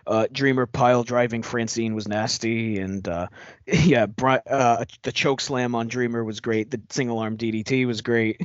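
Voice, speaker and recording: A man's voice: mid-range voice, fairly even intonation, normal speed, no room sound, highs cut off. A man co-hosting a podcast in casual chat, hesitant, with many fillers and repeated words. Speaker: podcast co-host.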